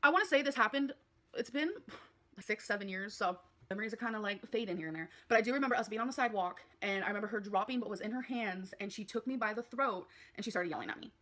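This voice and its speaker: A woman vlogger telling a personal story in a rambling, halting way, full of fillers. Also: medium pitch, bright, forceful tone. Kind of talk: confessional vlog.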